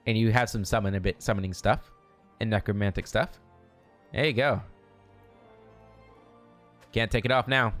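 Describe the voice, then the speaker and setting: A low-voiced man hosting a video game let's play. He talks casually and makes relaxed, joking remarks about the story. Faint music plays underneath. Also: moderate pace, pauses often. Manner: relaxed, joking asides between reading game text. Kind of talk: casual gameplay commentary.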